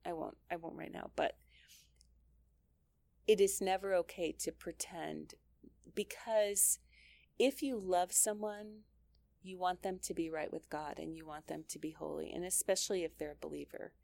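A woman's voice: lowish voice, fairly even intonation, normal speed, creaky, a little mellow, dry recording. A middle-aged woman giving an earnest, conversational Christian teaching talk, laughing lightly and often restarting her sentences. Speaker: speaker teaching mothers.

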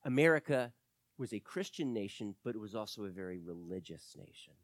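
A man preaching a sermon to his church, swinging between quiet explanation and loud emphatic passages. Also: medium pitch, no room sound. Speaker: pastor.

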